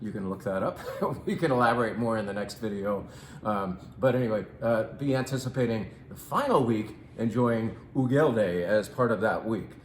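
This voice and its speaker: A man hosting a casual wine presentation in a playful, theatrical way, with drawn-out emphasis on words. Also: lowish voice, expressive, roomy sound, slight background noise, poor audio. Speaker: wine shop host.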